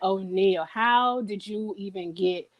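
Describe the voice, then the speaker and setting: A woman's voice: medium pitch, slow pace, a little hiss or hum. A woman hosting a casual interview show, playful and teasing, laughing often. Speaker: show host.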